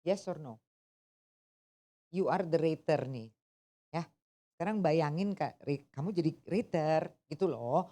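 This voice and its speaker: Woman teaching, mellow voice. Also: low voice, normal speed, pauses often. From Indonesia. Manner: animated, asks the class questions, code-switching. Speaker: English test teacher. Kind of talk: interactive lesson, mixing English and Indonesian.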